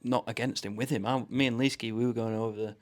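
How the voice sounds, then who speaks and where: A man from Scotland co-hosting a comic cricket chat, joking with dry, deadpan irony. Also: mid-range voice, quick pace. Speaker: cricket podcast co-host.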